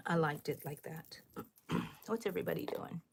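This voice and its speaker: A middle-aged woman with a lilt hosts a casual crochet livestream, talking a little loud and thinking out loud as she works. Her voice sits slightly low for a woman, and she keeps turning to her viewers with questions. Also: normal speed, creaky, husky. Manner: chatty, thinks aloud, asks viewers questions. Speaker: livestream host.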